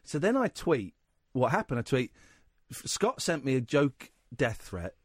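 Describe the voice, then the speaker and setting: A man's voice: medium pitch, sing-song, measured pace, slightly rough, dry recording. A man hosting a radio talk show in the studio, telling a rambling anecdote full of quoted voices. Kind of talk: casual radio chat, storytelling.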